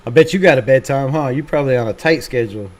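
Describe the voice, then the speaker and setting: A man's voice: medium pitch, quick pace, a little mellow. A man hosting a fan livestream, chatting casually and reading out viewer comments in a laid-back, swearing, self-mocking way. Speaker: fan channel livestream host.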